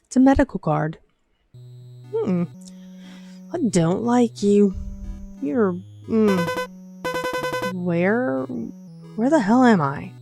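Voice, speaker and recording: A woman's voice: medium pitch, animated, very slow, creaky, pauses often, darkish tone. A woman hosting a gaming video, reacting in a chatty way with many fillers. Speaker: gaming channel host. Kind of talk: casual game commentary. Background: game music.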